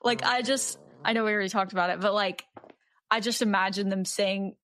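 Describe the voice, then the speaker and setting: A woman's voice: medium pitch, fairly even intonation, fairly quick, fairly bright tone, slight background noise. A young adult woman, a guest on a podcast, chatting casually about a book, hesitant and full of ums. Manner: hesitant, lots of ums, laughs easily. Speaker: podcast guest, host's wife. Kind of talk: casual book-discussion chat.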